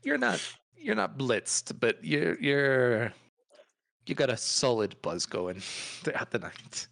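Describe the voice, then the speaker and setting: A man's voice: mid-range voice, sing-song, slow, gravelly, a bit bright. A man running a tabletop role-playing game as game master, narrating casually and laughing often. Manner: casual, laughing between lines.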